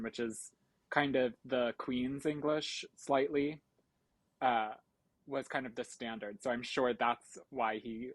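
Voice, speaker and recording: A man's voice: medium pitch, dry recording, rough recording. A man co-hosting a podcast, explaining film history at length in a thoughtful, casual way. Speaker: podcast co-host. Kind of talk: casual chat about a film.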